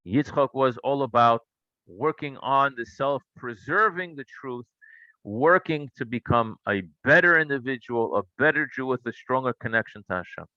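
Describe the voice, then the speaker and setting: A man's voice: mid-range voice, normal speed, no room sound, muffled recording. A man teaching a Torah class, telling stories and asking rhetorical questions. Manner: animated storytelling, asks rhetorical questions.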